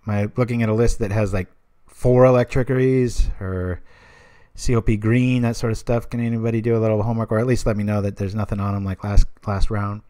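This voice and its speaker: A man in his thirties with a fairly low voice talks through his plays in a live card game stream. He drifts into casual, rambling asides and keeps checking in with his chat as he goes. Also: fairly even intonation, brisk, warm tone. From United States.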